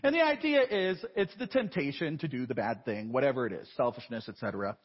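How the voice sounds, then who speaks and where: A man's voice: mid-range voice, expressive, quick pace. A man in his thirties preaching a sermon in a church. He talks in a conversational, self-deprecating way and often asks rhetorical questions. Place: large church. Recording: dull live broadcast with long church reverb.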